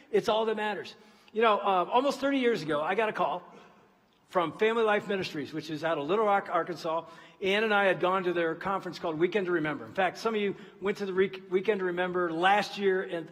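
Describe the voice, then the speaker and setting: A man preaching a sermon and telling a story, often dropping to a hushed voice for emphasis. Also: high-pitched, long reverb tail. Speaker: pastor. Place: large church auditorium.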